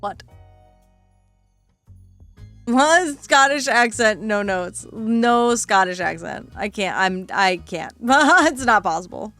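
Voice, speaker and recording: Excitable woman streamer, smooth voice. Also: mid-range voice, slow, pauses often, faint music behind. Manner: excitable, giggly reactions. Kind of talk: casual game commentary.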